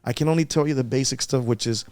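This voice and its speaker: A man appears as a guest on an emotional podcast interview, speaking fast in a medium-pitched, darkish voice. He talks earnestly and repeats himself while recalling an upsetting event. The recording is dry.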